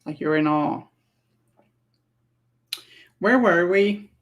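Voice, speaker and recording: A woman's voice: fairly low pitch, very slow. A woman painting miniatures on a livestream, chatting casually, laughing often and musing aloud as she works. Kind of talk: casual chat while painting.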